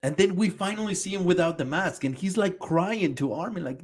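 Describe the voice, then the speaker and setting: A man's voice: high voice, brisk, few pauses, slightly rough. A man streaming a reaction, talking back at a video in a heated, profane, exasperated rant.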